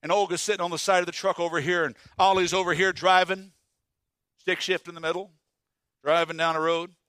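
A man delivers a sermon with a fairly high, bright voice. He preaches in an animated way, leaping to loud emphasis and then dropping to hushed asides, and he spins folksy, humorous stories. The sound is dry and close. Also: brisk, no room sound. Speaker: pastor.

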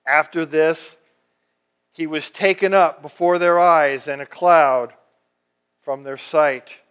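Man, fairly high voice, pastor giving an animated sermon with many restarts. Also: slow, smooth. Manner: animated preaching, acts out quoted speech, frequent restarts.

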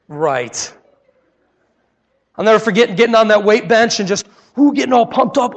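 A young man preaching a sermon, telling a personal story with animated, acted-out scenes. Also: high-pitched, brisk, big-room sound.

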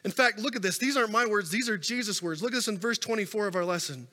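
A man's voice: high-pitched, fast, few pauses, sharp tone. A man preaching a sermon as a pastor, telling stories with rising and falling intensity, recorded in a church sanctuary on a stage microphone. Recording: long reverb of a large hall.

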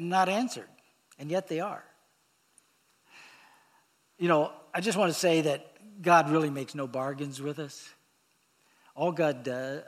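A man preaching a sermon, reading scripture aloud and explaining it in a halting way with pauses and fillers. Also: a little high. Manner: reads scripture aloud, then explains it plainly.

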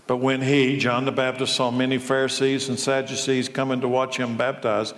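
A man's voice: medium pitch, little pitch movement, normal speed, fairly bright tone. Man, pastor preaching, rhetorical questions, emphatic, long hall echo. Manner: repeated rhetorical questions, building to raised, emphatic delivery. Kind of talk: sermon. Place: church service with a live audience.

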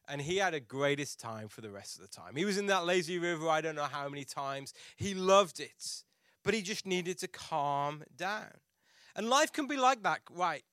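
A man's voice: fairly high pitch, lively intonation, normal speed, pushed and bright, no echo, studio quality. A man preaching a sermon as a pastor, telling a personal story in a chatty, self-mocking way with frequent restarts.

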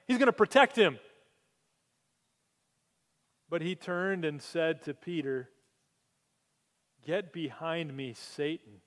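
A man preaching a sermon, telling stories with animated energy that climbs to excited peaks. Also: on the high side, a little slow. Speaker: pastor. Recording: long hall reverb.

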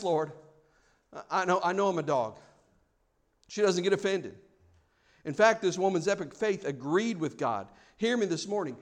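A male pastor delivers a sermon in a fairly high voice. He swings from loud, mock-formal prayers down to quiet, reflective passages.

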